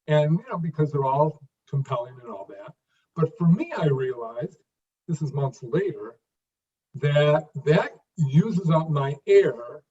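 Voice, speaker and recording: A man in his fifties, an interview guest, speaking in a halting way with restarts and repeated words, then landing his phrases with emphasis. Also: fairly high pitch, lively intonation, dark tone. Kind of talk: conversational interview. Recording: distant, dull lo-fi sound.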